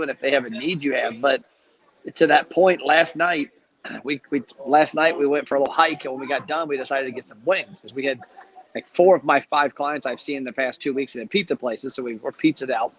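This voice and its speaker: Fast-talking man on a dull lo-fi stream. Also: mid-range voice, fairly bright tone. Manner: brisk storyteller, chatty. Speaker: host. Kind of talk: casual live chat. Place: travelling, speaking from a hotel. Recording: dull lo-fi live stream audio.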